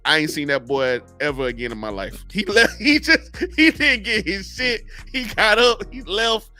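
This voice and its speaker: A man's voice: high-pitched, lively intonation, normal speed, pushed and bright, faint music behind. A man co-hosting a casual podcast, telling a wild drinking story with lots of slang, laughing as he goes. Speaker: podcast co-host.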